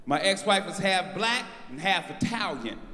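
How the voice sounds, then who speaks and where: Loud high-voiced male stand-up comic. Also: normal speed, a little hiss or hum. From North Carolina, USA. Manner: loud, animated storytelling, talking to the crowd. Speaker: stand-up comedian. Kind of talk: stand-up comedy set. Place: stage of a live comedy show. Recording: echoey venue with long reverb.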